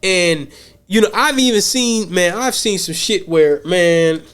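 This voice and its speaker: A man's voice: sits high, measured pace, a bit bright, smooth. An American man hosting a podcast, talking casually in a blunt, profane way, often repeating words as he thinks. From United States. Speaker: podcast host.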